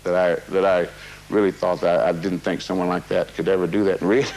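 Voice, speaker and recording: On a rough recording with slight background noise, a man with a low, darkish, fairly flat voice talks fairly quickly. Being interviewed, he wanders through a personal memory with many fillers and restarts, casually tossing in "man."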